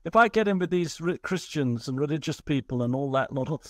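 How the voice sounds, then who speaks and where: Brief: lively male guest, fairly high voice, dry close sound. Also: brisk, no room sound. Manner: animated, laughs often, swears casually. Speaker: guest scientist. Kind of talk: casual conversation.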